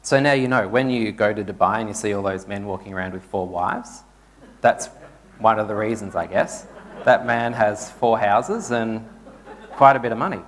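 A man's voice: on the low side, normal speed. A man, a pastor giving a conversational sermon and telling stories to his congregation in a church. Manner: conversational storytelling preacher.

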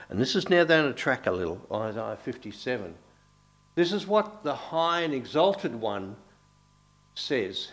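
A man's voice: mid-range voice, very animated, unhurried, pauses often. A middle-aged man preaching a sermon in a conversational way, with asides and restarts.

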